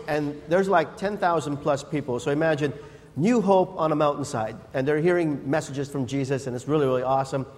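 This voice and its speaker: A man preaching a sermon, telling Bible stories in a lively, conversational way and acting out the people in them. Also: a little high. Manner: animated storyteller acting out Bible scenes. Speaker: pastor. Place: church. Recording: reverberant church hall.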